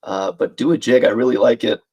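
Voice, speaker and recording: A man hosts a live crossword stream and chats casually. He thinks out loud, reads clues and viewers' names, and tosses friendly asides to his chat. His voice sits at an everyday middle pitch. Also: brisk, slightly rough. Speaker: livestream host.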